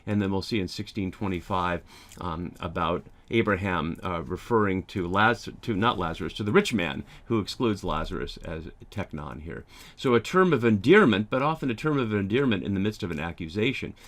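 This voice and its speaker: A man teaching a Bible lesson over slides, thoughtful and pausing often with ums and restarts. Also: deep voice, animated, fairly bright tone.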